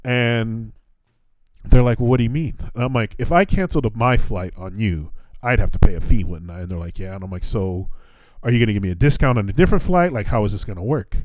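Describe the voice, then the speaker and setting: Here the same kind of American podcast host in his thirties spins a lengthy travel tale, full of profanity, laughter and acted-out dialogue for both parties. He talks a bit quickly in a fairly low, slightly mellow voice, with no room sound at all.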